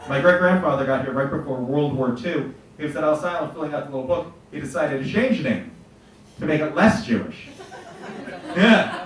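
A man's voice: a little high, animated, a little fast, slight background noise. A middle-aged man doing stand-up comedy, telling stories in a punchy, profane way. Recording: echoey room, mic from far off.

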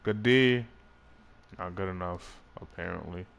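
A man casually commenting on his own basketball video game, excitable, swearing and laughing at himself. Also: deep voice, measured pace, gravelly, smooth. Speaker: gaming YouTuber.

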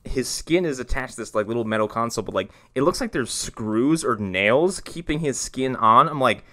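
Podcast co-host: rambling, profane movie riffing with a lively, swinging pitch. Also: normal speed. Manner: rambling, profane, full of fillers. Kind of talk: casual movie-riffing chat.

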